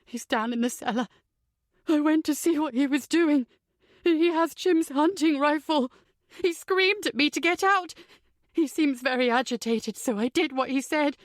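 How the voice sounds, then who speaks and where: A woman's voice: high voice, slow pace, a bit bright, dry recording, studio quality, pitched above the performer's own voice. Woman doing a tearful panicked mother. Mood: distraught. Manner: hysterical, tearful. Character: distraught middle-aged mother, tearful and panicked.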